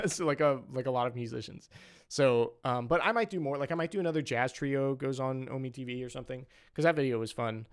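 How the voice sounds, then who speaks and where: A man's voice: medium pitch, fairly quick, clean tone. A young man chatting casually on a livestream as a saxophonist, rambling with lots of "like" and "um". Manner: rambling, full of "like" and "um". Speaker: saxophonist streamer.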